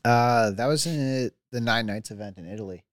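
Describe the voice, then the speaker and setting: A man's voice: medium pitch, moderate pace, dry recording. Laid-back male biker, dry sound. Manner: laid-back, many likes and restarts, laughs often. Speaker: podcast guest, freeride mountain biker. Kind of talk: casual chat.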